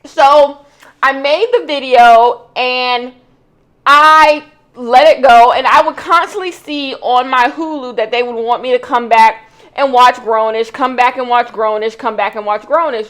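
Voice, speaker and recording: A woman's voice: on the high side, fairly bright tone. A young woman giving casual commentary indoors, chatty and rambling with plenty of "like"s. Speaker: vlogger. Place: indoors at home.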